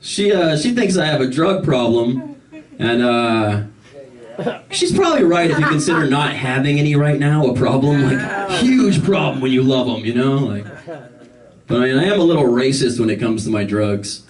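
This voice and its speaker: Performing stand-up live in a comedy club, a man spins loose, rambling stories packed with fillers while the audience laughs. His medium-pitched voice has a sing-song lilt at a moderate pace. The mic is distant, capturing the room and the audible crowd.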